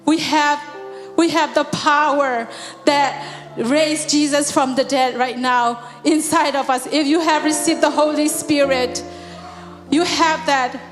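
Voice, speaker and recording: Prayer leader, woman, high voice, fervent and repetitive, long hall reverb. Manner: repeats God after each phrase, swells into singing. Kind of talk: fervent spoken prayer in a church service. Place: church hall. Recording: long hall reverb with soft music behind.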